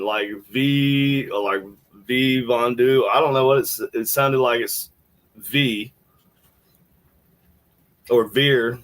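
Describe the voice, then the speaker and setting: A man hosts a podcast and talks casually over the clips he plays. He rambles and thinks out loud, restarting his sentences. His voice sits at an ordinary middle pitch. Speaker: podcast host. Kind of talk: casual commentary while playing clips.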